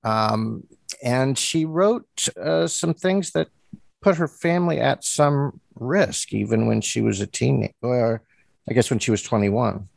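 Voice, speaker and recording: A man's voice: mid-range voice, unhurried, vocal fry, darkish tone, no echo. A man hosting an interview, asking questions with hesitant fillers and restarts. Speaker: interviewer host. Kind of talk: interview conversation.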